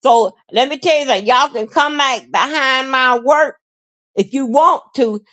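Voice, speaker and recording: Woman, livestream host, fairly high voice, slow delivery, halting, repetitive, emotional rambling. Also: fairly bright tone. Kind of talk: rambling live-stream monologue.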